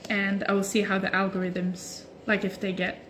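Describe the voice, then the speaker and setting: Stretching at home, a young woman runs a casual phone livestream, answering comments in an easy, chatty style with many "like" fillers. She has a medium pitch and moderate pace, and the audio carries a little hiss or hum.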